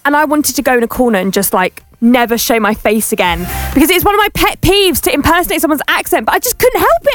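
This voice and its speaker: A young woman hosting a radio show, telling a story in a chatty, animated way. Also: sits high. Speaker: radio host.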